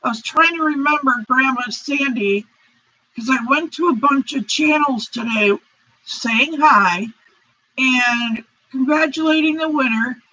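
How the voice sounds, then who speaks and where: A woman from the United States talks slowly and apologetically on a casual live stream, greeting viewers and reading their comments aloud. Her voice is bright but a little husky, and the stream audio sounds dull and lo-fi. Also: sits high. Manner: apologetic, rambling, reads chat aloud. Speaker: crochet channel host.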